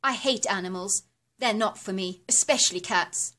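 A woman voicing a suspicious, hostile elderly woman in a spoken horror story, giving gruff, curt, barking replies in a much higher, louder voice than her narration. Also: moderate pace, close to an everyday voice. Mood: snapping.

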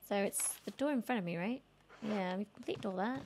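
A woman's voice: mid-range voice, brisk, noisy background. A woman streaming a horror game, chatting to viewers, swearing and screaming at scares. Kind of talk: gaming stream commentary.

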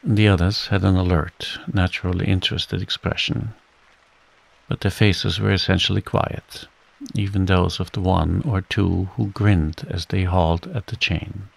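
A man narrating a bedtime audiobook in a calm, soft-spoken, measured way. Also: deep voice, gravelly.

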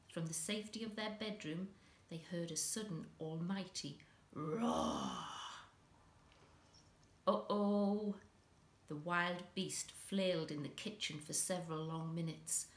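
Gravelly-voiced woman reading a children's story. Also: lowish voice. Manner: expressive, dramatic reading. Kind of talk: children's story read-aloud. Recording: echoey room.

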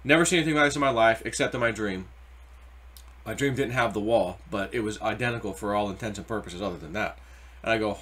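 A man's voice: fairly low pitch, fast, a bit bright. A middle-aged man giving casual, rambling crypto market commentary with anecdotes and spiritual asides. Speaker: crypto YouTuber.

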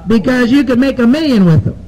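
A woman's voice: a little high, animated, warm tone, a faint crowd, low-quality recording. A woman doing bawdy live stand-up, a profane, rambling storyteller who strings jokes together with "I said, he said" and chuckles at her own punchlines, into a stage microphone. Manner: drawn-out "I said, he said" story delivery. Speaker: stand-up comedian. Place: nightclub stage with a live audience.

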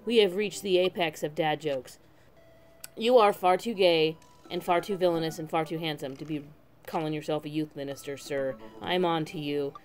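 A woman's voice: sits low, normal speed, a little mellow. A woman giving joking, playful commentary while playing a story game. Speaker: game streamer. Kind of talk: let's play commentary.

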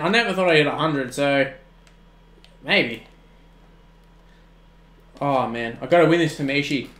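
A young man, commentating his own video game on a live stream in excitable bursts, often shouting. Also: on the high side, reverberant. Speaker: gaming streamer.

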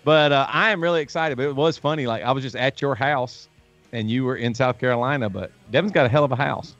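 A man's voice: medium pitch, fast talker, fairly bright tone. A man hosting a casual show, telling stories in a rambling way with many restarts. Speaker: host. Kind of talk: casual chat. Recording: dull lo-fi stream, faint music.

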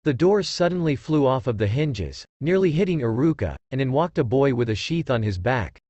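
A man's voice: medium pitch, animated, normal speed, darkish tone, no echo, lo-fi sound. Man reading a fan story. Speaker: narrator.

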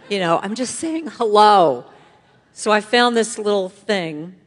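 A woman speaking as guest speaker at a church, giving an inspirational talk with lively storytelling and call-and-response. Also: mid-range voice, a little slow. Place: church sanctuary. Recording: long hall reverb.

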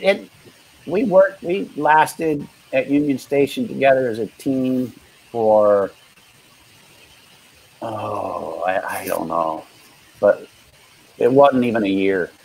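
A man's voice: medium pitch, vocal fry, a little mellow, slight background noise, poor audio. Man, street performer, easygoing storyteller full of restarts and quoted dialogue. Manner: rambling, halting anecdotes with quoted dialogue. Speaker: guest, street performer and juggler. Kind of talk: casual interview storytelling.

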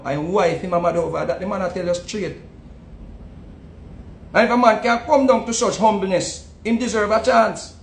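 Jamaican guy ranting casual, keeps repeating himself, bit of a high voice, echoey room. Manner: animated, repeats words, swings between loud and low. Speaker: online commentator. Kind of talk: casual commentary monologue. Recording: echoey room with faint rumble.

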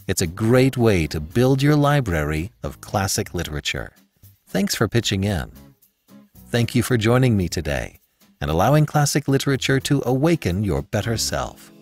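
A man's voice: fairly low pitch, darkish tone. A man narrating a classic short story as the host of an audiobook podcast, telling it expressively. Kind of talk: scripted narration.

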